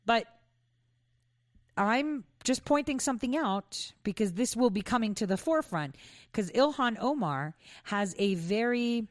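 A woman's voice: fairly high pitch, animated, measured pace, dry recording, studio quality. A middle-aged woman from New York hosting an opinionated commentary monologue, conversational and pointed with frequent asides. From New York, United States. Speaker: commentary host.

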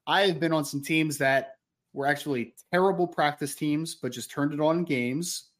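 A man hosting a football podcast, chatting in a casual, upbeat way with animated emphasis. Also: fairly high pitch, normal speed. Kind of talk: casual sports analysis chat.

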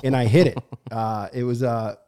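A man's voice: medium pitch, steady tone, normal speed, warm tone. A man co-hosting a sports podcast, chatting in an easygoing way about his betting win. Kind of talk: casual sports chat.

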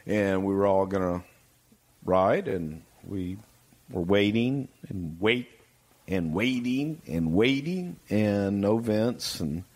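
A man's voice: fairly low pitch, a little mellow. A man reminiscing in a casual chat, meandering and correcting himself as he goes. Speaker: guest recounting events.

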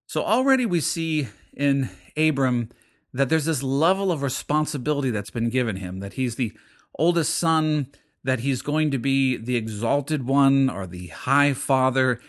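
A man's voice: mid-range voice, expressive, measured pace. A middle-aged man preaching a sermon in an earnest, explaining way, with frequent fillers and restarts. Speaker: pastor.

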